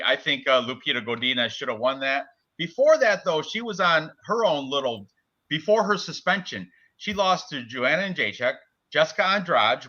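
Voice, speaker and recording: Bright-voiced man chatting fight picks. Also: a little high. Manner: rambling, lists fighters, stumbles over names. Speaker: betting podcast co-host. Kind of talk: casual live-stream sports betting chat. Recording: dull lo-fi stream audio.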